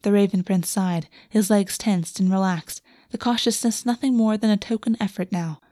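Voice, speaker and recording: A woman reading a fantasy romance aloud as narrator, in a soft, steady storytelling voice on a close microphone. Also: mid-range voice, moderate pace, dry recording. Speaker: audiobook narrator. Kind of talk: scripted narration.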